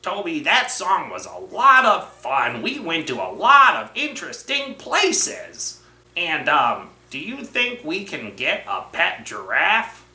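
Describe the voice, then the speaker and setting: A man voicing an excitable young male puppet co-host on a children's show. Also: a little high, slow pace, roomy sound, exaggerated voice. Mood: curious.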